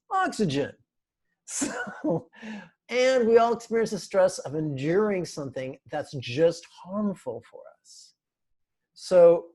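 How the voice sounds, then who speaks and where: A man teaching an online meditation class, speaking slowly and deliberately, with a playful manner and frequent laughs. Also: fairly high pitch, darkish tone. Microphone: video call.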